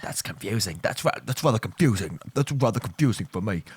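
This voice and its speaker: A man with a husky, fairly low voice teaches a language lesson in a playful, teasing way. His delivery is lively and swings up and down, and he often repeats himself or corrects his own words mid-sentence. The sound is dry and close. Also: brisk, few pauses, no room sound. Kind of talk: joking casual lesson.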